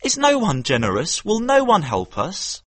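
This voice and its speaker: A man's voice: high-pitched, wildly swooping pitch, a bit bright, husky, dry recording, pitched above the performer's own voice, full character voice. A man voicing a poor, clever street boy who pleads and schemes, in a storybook reading. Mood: pleading. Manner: pleading, quick-witted. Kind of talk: audiobook character voice.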